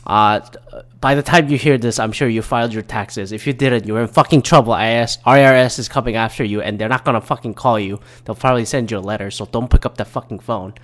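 A man's voice: mid-range voice, steady tone, quick pace. A young man from Michigan hosting his own podcast, ranting casually with lots of swearing and stumbling restarts. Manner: profane, rambling, restarts often. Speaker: podcast host. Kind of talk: casual solo podcast rant.

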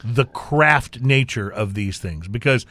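Slow yet animated, a mid-range man with a fairly bright tone co-hosts a beer tasting show in a recording with no echo. He rambles casually, uses lots of fillers and makes fun of himself.

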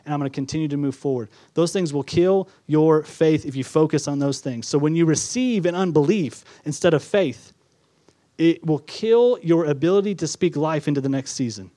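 Male pastor preaching a sermon, higher-pitched voice, dry close sound, repetitive emphatic delivery. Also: moderate pace, dry recording. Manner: preaching with repetition, rising to emphatic then dropping soft.

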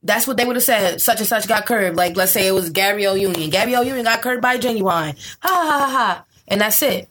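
A woman's voice: mid-range voice, lively intonation, a little fast, hardly any pauses, fairly bright tone. A woman co-hosting a podcast in casual chat, ranting bluntly with profanity and frequent laughter. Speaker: podcast co-host.

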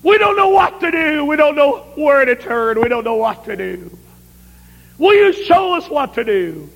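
A preacher voicing an earnest, tearful missionary wife. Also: male voice, extremely high pitch, very animated, normal speed, creaky, a bit bright, slight background noise, pitched above the performer's own voice, heavily acted. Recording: reverberant 1970s camp meeting recording.

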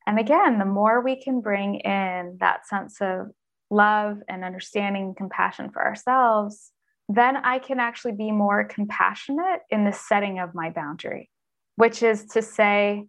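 A woman who coaches executives, talking in an earnest, expressive way as a guest in a conversational interview. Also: medium pitch, unhurried. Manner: earnest and expressive, acts out inner voices.

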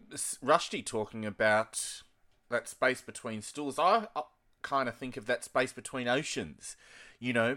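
A man with an Australian accent hosts a conversational interview, his voice bright and forward. He tells long, winding anecdotes that often restart mid-thought. His talk is scattered with "you know"s. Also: medium pitch. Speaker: interviewer hosting an author.

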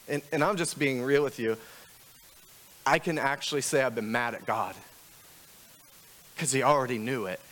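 A man's voice: medium pitch, a bit bright. A man preaching a sermon as pastor, talking candidly and conversationally with frequent restarts, building to emphatic questions.

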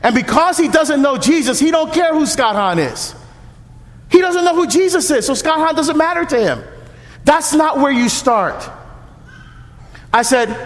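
A male deacon preaching at a parish mission in an animated, punchy way, shouting now and then for emphasis, recorded in an echoey church hall. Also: very high-pitched, measured pace, long pauses. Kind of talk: sermon.

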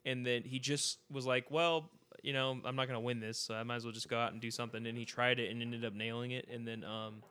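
A man's voice: medium pitch, level tone, fast talker, few pauses, sharp tone, smooth. A man from California chatting casually on a podcast, telling long rambling stories full of fillers. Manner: rambling, filler-heavy storytelling. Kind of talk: casual chat.

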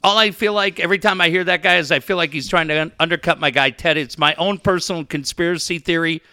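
A man's voice: fairly high pitch, quick pace, bright, forceful tone, clean tone, no echo. A man co-hosting a sports podcast, ranting heatedly and swearing constantly. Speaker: podcast co-host. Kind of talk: profane sports radio rant.

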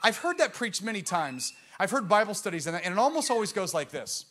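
A man's voice: high voice, big pitch swings, a little fast. Impassioned preacher man. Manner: impassioned, swings from loud proclamation to hushed intensity; engages the congregation with questions. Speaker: pastor. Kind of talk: sermon.

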